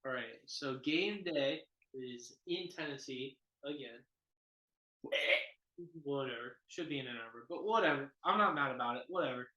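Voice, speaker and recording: A man's voice: medium pitch, animated, moderate pace, sharp tone, roomy sound, dull audio. A man co-hosting a casual sports podcast, dry and needling, poking holes in his friends' claims. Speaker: podcast co-host.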